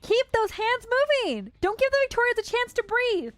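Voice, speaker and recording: A woman's voice: very high voice, sing-song, normal speed, no echo, faint music behind, voice pushed up, exaggerated voice. A woman voicing a gleeful, reckless female artillery commander, reading game dialogue aloud in character and barking orders. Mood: bossy. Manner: bossy, shouting orders.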